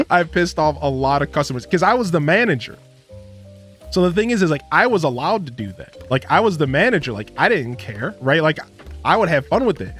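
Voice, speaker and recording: A man's voice: fairly high pitch, very animated, fairly quick, a bit bright, breathy edge, faint music behind. Rambling casual gaming streamer, man. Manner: rambling storyteller, lots of fillers and laughs. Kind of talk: casual gameplay commentary.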